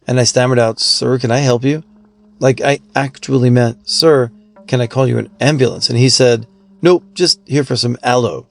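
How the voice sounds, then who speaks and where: A man reading out forum stories in an even, steady scripted narration. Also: medium pitch, creaky.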